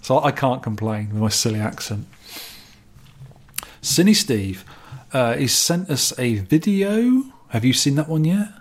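Brief: podcast co-host, man, Dorset accent, husky and jokey. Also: medium pitch, lively intonation, unhurried. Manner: jokey, banters and reads listener messages. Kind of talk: casual chat.

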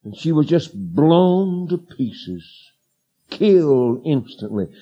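Man, evangelist preacher, high voice, folksy yarns that rise into shouted preaching, muffled sermon tape. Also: very animated, slow pace, breathy edge. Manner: folksy storytelling that builds to shouted declarations. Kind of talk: fiery revival sermon. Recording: dull lo-fi sermon recording.

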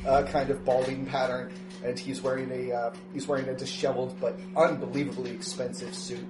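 A man running a tabletop game as game master, narrating haltingly with many fillers. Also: mid-range voice, flat delivery, roomy sound, over music.

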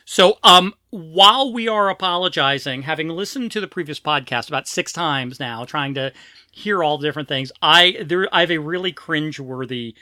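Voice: medium pitch, animated, normal speed, sharp tone, no echo, clean studio sound. A podcast host chatting casually and poking fun at himself, who sometimes giggles. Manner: self-deprecating, giggly.

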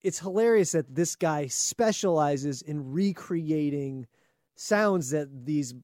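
Jokey high-voiced man reading news. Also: lively intonation, slow pace, darkish tone, no room sound, clean studio sound. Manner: jokey, laughing, reads articles aloud. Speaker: podcast co-host. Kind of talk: casual chat, reading news aloud.

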